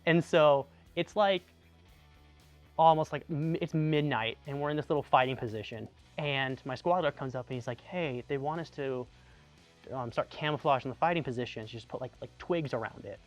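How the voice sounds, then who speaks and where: A young Tucson, Arizona man and army veteran tells casual stories at a moderate pace in a medium-pitched voice, faint music playing behind. He comes across animated and chatty, with lots of "like" and restarts.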